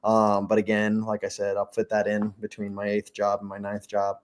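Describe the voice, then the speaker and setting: A young man chatting casually as a podcast guest, telling stories fast and slipping into mimicked quotes. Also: fairly low pitch, completely flat delivery. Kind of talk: casual chat.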